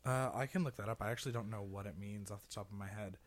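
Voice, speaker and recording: A man's voice: on the low side, steady tone, fast. A man hosting a gaming podcast in casual chat, rambling with lots of fillers and laughing often. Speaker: podcast host.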